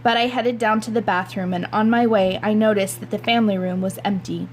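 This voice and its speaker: A woman's voice: mid-range voice, steady tone, brisk, slight background noise, poor audio. A woman reading a novel aloud, narrating in a wry, conversational first-person voice. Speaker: reader.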